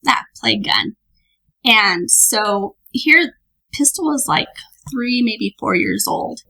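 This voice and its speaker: Bright, husky-voiced woman telling a story. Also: fairly high pitch, slow, rough recording. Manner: lively, laughing, animated storyteller. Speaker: podcast guest. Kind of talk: casual storytelling.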